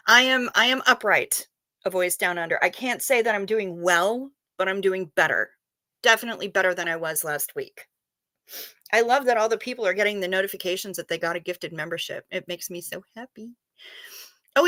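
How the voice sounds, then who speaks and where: With a medium-pitched voice that sounds pushed and bright, this livestream host chats playfully with her viewers. She reads their incoming messages aloud, swears casually, and the audio is clean studio sound with no room sound.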